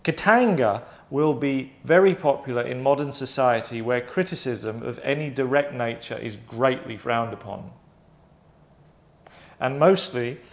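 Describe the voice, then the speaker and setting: A man hosting his own show, chatting in a rambling way with asides and self-corrections. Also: medium pitch. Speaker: host presenting his own game idea. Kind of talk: casual monologue. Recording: echoey room.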